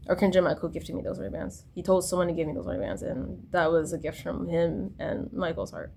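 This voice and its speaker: Rambling woman with a lowish voice. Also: level tone, a little fast, creaky, hardly any pauses, darkish tone. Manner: tangential, full of fillers and restarts. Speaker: vlogger. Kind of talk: rambling personal vlog monologue.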